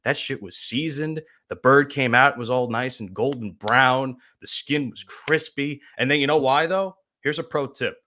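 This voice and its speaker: A man's voice: mid-range voice, moderate pace, hardly any pauses, pushed and bright. A man co-hosting a podcast, talking casually and emphatically about a holiday meal, swearing freely. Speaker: podcast co-host. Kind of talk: casual chat.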